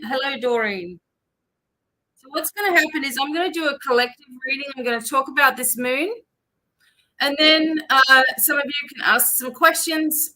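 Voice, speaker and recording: A woman's voice: high-pitched, bright, forceful tone, low-quality recording. An Australian woman hosting a live psychic-reading stream, chatting casually and reading out viewers' names and places.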